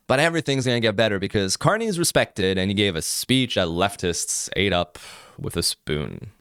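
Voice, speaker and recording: A man's voice: low-pitched, a bit bright, clear, resonant tone, dry recording, clean studio sound. Sarcastic French-Canadian male commentator. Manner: sarcastic and mocking. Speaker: political commentary host. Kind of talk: opinion commentary monologue.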